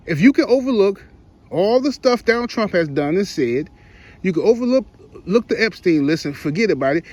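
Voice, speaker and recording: A man giving heated, rambling opinion commentary for his online channel, in slangy speech with frequent restarts. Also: high voice. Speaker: YouTube commentator.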